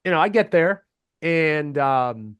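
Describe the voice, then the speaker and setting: A man guesting on a podcast, telling stories in a casual, animated way, often acting out what others said and laughing. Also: a little high, slow, clear, resonant tone, dry recording. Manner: animated, acts out quotes in changed voices. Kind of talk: casual storytelling interview.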